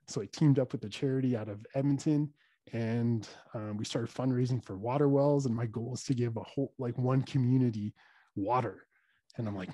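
A man's voice: medium pitch, steady tone, a little fast, warm tone, husky, dry recording. A man telling a story as a dentist guest on a podcast, earnest and talking with fillers and restarts. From Canada.

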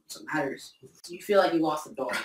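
A young man hosting an interview, asking gentle, direct questions. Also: on the high side, fast, very noisy. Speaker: host, interviewer. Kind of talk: personal interview. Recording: echoey room, mic far off.

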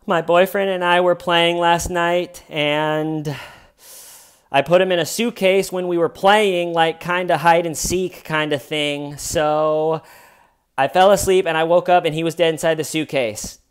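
A man voicing an evasive, defensive middle-aged woman caller in a high, sing-song way. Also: fairly even intonation, unhurried, clear, resonant tone, lightly acted. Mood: flustered.

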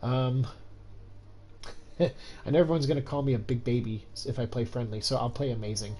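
His voice is mid-range and warm, with fairly even intonation at a normal speed. The exhausted young man has a cold and sounds stuffed up, talking quietly and rambling with many fillers during casual game-stream chat from his room at night. The recording quality is low.

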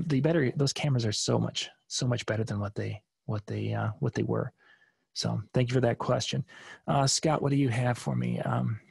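Gravelly, husky man hosting a live stream. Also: medium pitch, darkish tone, no echo, clean studio sound. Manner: chatty, rambling, frequent restarts. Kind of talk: casual live seminar talk answering viewer questions.

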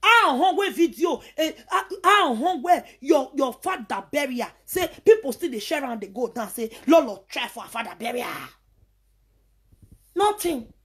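A woman's voice: sits high, sing-song, moderate pace. A woman with a Nigerian accent in a heated, scornful vlog rant, hurling insults and sliding into sing-song chanted taunts. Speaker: vlogger.

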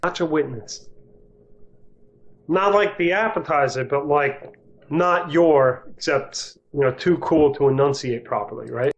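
A man's voice: fairly high pitch, unhurried. A man answering in a comic clip, drawling and offhand. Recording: dull lo-fi audio.

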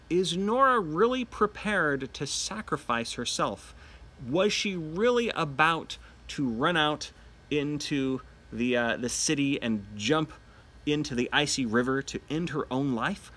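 A male teacher talks through a literature lesson in an animated way, acting out lines from the text as he goes. His voice sits a little high for a man and swings widely up and down in pitch. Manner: animated, acts out quotes.

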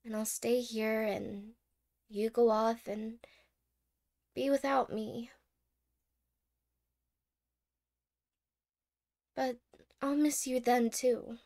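In a whispered role-play, a woman plays a clingy, anxious young girlfriend who keeps stammering and apologizing. Her voice sits high and carries a gravelly fry. She speaks slowly and softly. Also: level tone. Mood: tender, wistful. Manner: soft-spoken, stammering, apologetic. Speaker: ASMR role-play creator.

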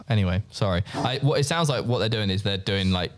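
A man hosting a podcast, chatty and joking, with casual swearing. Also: on the low side. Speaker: podcast host. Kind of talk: casual chat.

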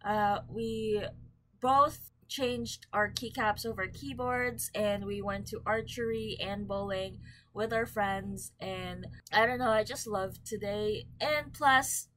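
A woman's voice: on the high side, a bit bright. A young woman chatting casually to camera in a book vlog, bubbly and full of ums and likes. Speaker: book vlogger. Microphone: camera mic.

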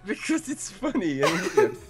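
High, coaxing young man. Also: big pitch swings, normal speed. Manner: pushy and coaxing, keeps urging and laughing. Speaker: guest co-player. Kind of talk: casual gaming banter.

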